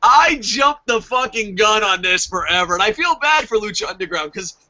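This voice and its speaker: Brief: high-ish, forceful male reviewer, profane fanboy rant, muffled lo-fi sound. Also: expressive, moderate pace. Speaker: wrestling show reviewer. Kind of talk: casual chat.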